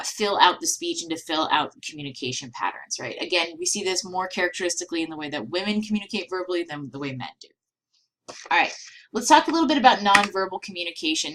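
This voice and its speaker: A woman's voice: on the low side, a bit bright, rough recording. A woman giving a recorded lecture, explaining step by step with many fillers and frequent "right?" checks.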